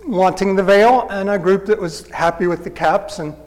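A man preaching a storytelling sermon in a conversational, halting way. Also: high-pitched, darkish tone, in a large hall, rough recording. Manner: conversational, halting, with fillers and restarts.

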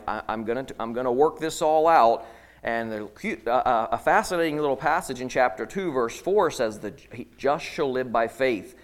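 Man preaching with dramatic swings in volume. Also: mid-range voice. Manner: dramatic scripture reading, rising loud in quoted pleas, dropping soft in reflection; halting restarts when speaking off the cuff. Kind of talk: sermon with scripture reading.

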